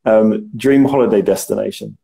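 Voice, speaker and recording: A man's voice: on the low side, moderate pace, gravelly, mellow. A man from southern England hosting a casual interview over a video call. He is upbeat, laughs often and stammers as he goes. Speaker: interview host.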